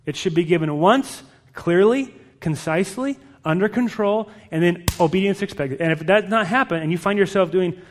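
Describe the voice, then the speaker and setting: Emphatic, fairly high-voiced male pastor. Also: moderate pace, hardly any pauses, long reverb tail. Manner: direct, emphatic, storytelling. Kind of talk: sermon.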